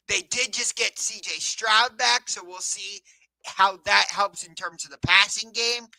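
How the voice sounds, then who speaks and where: A man from the Cleveland area hosting a live sports talk show, chatty and energetic, sometimes correcting himself mid-sentence. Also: high voice, no room sound, low-quality recording. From Cleveland area, USA.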